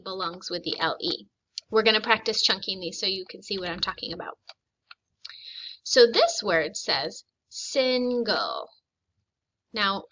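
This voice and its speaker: A woman teacher leading a phonics lesson, slowly modeling words for children to repeat. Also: mid-range voice, bright, forceful tone. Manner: slow, deliberate modeling of words for repetition. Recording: slightly dull lo-fi recording.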